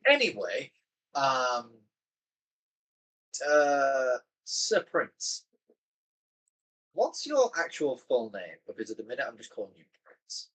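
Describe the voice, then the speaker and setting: Man, tabletop player, husky voice, giggly, rambling, full of ums. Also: mid-range voice, huge pitch swings, measured pace, fairly bright tone, low-quality recording. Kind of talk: casual tabletop game chat.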